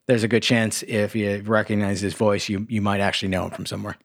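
A man's voice: on the low side, level tone, creaky, no echo, studio quality. A man co-hosting a podcast, casually reviewing a movie, recapping the plot with lots of "like" and restarts. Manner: halting, many fillers and restarts while recapping. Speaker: podcast co-host.

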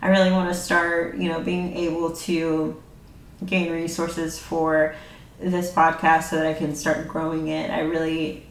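A woman's voice: low-pitched, monotone, a little slow. A woman hosting her own podcast, chatting casually and loosely, laughing often, with plenty of fillers. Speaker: podcast host. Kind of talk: casual solo podcast chat. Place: home room. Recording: roomy, a bit distant from the mic.

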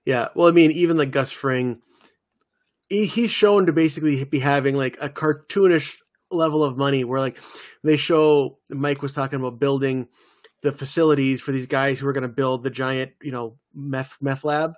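A man co-hosting a casual podcast chat about TV shows, animated and loose. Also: medium pitch, moderate pace, no echo, clean studio sound. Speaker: podcast co-host.

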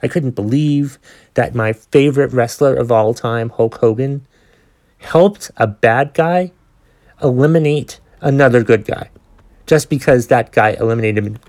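A man's voice: mid-range voice, unhurried, a little mellow. A man in his forties hosting a podcast, telling a long story in a casual, ranting way with plenty of swearing and exasperation. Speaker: podcast host.

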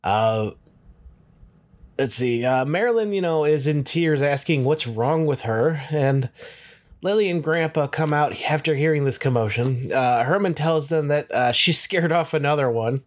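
A man's voice: on the high side, normal speed. A man co-hosting a podcast, casually recounting the plot of a TV episode step by step. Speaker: podcast co-host. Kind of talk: casual chat recapping an episode.

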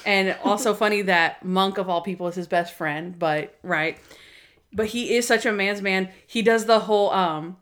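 A bubbly woman co-hosting a relaxed podcast, chatting through a TV episode recap. She talks in a middle pitch, swinging between quick asides and drawn-out emphasis, and slips into big, playful voices to act out scenes. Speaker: podcast co-host. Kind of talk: casual episode recap chat.

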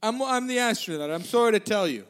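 A man's voice: high-pitched, lively intonation, fast, fairly bright tone, clear, resonant tone. A man doing a comedic impression of a brash, boastful male reality-TV contestant, rambling and joking with stammered restarts. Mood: mischievous. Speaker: podcast co-host in character.

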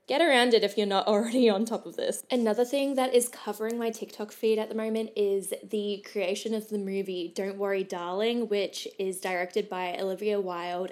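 A young woman hosting a podcast in a casual, gossipy chat, with lots of "like". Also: mid-range voice. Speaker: podcast host.

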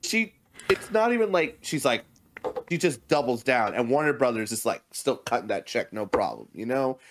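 A man's voice: mid-range voice, animated, normal speed, slight background noise. A man co-hosting a podcast in casual chat, swearing often and laughing a lot as he rants. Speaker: podcast co-host.

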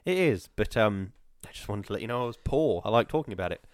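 A man's voice: on the low side, animated, fast talker, dry recording, studio quality. A man co-hosting a podcast, chatting playfully and mocking himself, with stammering restarts. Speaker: podcast co-host. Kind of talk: casual podcast chat.

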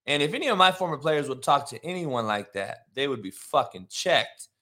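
A man's voice: medium pitch, lively intonation, normal speed, pushed and bright. A man in his forties, a former football coach, telling a blunt, profane, heated story and ranting about disrespectful kids. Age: 40s.

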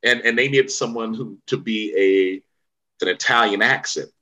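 A man's voice: mid-range voice, moderate pace, bright, forceful tone, poor audio. A man from the Bay Area telling stories in a casual interview, rambling with many fillers and restarts. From Vallejo, Bay Area, California. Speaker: actor, interview guest.

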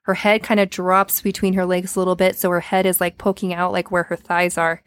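Chatty woman, fairly low voice. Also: little pitch movement, fairly quick, no room sound. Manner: chatty, retells a story with many filler words. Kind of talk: casual storytelling.

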